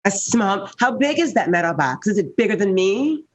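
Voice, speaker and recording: A woman's voice: medium pitch, very animated, moderate pace, slight background noise. A woman playing a tabletop game, playful and teasing with the others. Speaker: player.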